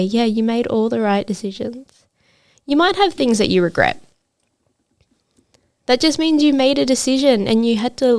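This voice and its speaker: A woman's voice: on the high side, a little mellow, smooth. A woman hosting a solo podcast as a trades coach, talking in an earnest, motivational way with frequent fillers.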